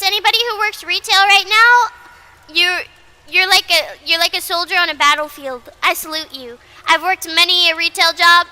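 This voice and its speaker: A woman's voice: extremely high pitch, bright, forceful tone. A woman VTuber in casual livestream chat who rambles, repeats herself, swears freely and mocks herself bluntly. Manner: blunt and self-mocking. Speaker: VTuber streamer.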